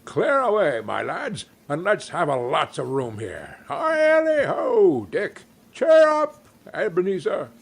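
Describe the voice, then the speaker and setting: A man's voice: sing-song, slow pace, gravelly, hardly any pauses, breathy edge, full character voice. A man reading a story aloud and voicing a jovial old male merchant with a comfortable, oily, rich voice. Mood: jubilant. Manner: booming, exuberant calls.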